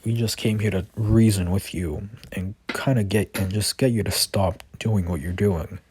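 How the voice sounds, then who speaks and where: A man voicing All Might, calm and measured. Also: on the low side, husky, dry recording. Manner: plain unacted reading of quoted lines.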